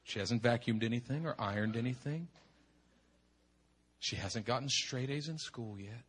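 A middle-aged male pastor preaching a sermon with impassioned emphasis, swinging from hushed tones to shouting and repeating words for effect. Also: mid-range voice, moderate pace, breathy edge. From United States.

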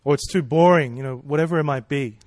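A man preaches a sermon quickly in a casual, conversational way, posing rhetorical questions and checking in with "right?" and "you know". His voice is on the high side and a little mellow, captured as clean studio sound with no room sound.

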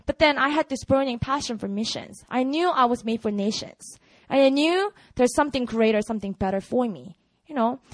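A young woman with a Korean accent shares her testimony with a church, animated and chatty, leaning on "you know" as she goes. Her voice sits high, and the recording is dry and close with no room sound. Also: a little fast, no room sound, rough recording. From South Korea. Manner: animated storytelling, frequent "you know" fillers. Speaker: ministry worker giving a testimony.

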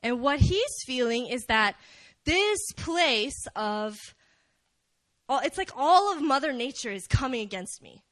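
A young woman preaching casually at a prayer meeting, animated and chatty, joking with the listeners. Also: on the high side, dry recording. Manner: animated, chatty, jokes with the crowd. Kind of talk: casual sermon.

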